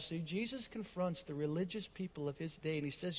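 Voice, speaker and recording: A man with a high voice preaches a sermon, rising to loud declarations and then dropping to hushed near-whispers. His words hang in the long reverb of a big hall. He delivers with pastoral intensity and dramatic pauses.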